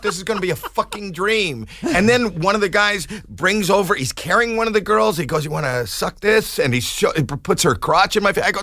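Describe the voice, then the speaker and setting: A man in his sixties, a podcast guest telling a comic story in an animated way and acting out the quoted voices. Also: high-pitched, fairly quick, hardly any pauses, no room sound.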